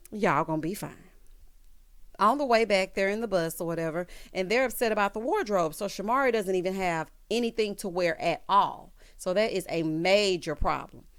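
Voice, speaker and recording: A woman giving a casual recap of a reality show, with sassy asides and loud bursts of laughter. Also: medium pitch, animated, normal speed, clean tone. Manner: reads out quotes in other voices.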